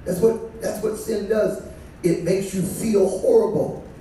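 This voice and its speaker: A high-pitched man speaks in a steady, unhurried, mellow tone over a slight hiss or hum. He's a bishop delivering a sermon in a conversational, call-and-response style, with the congregation answering him. It was recorded from a distance in an echoey church.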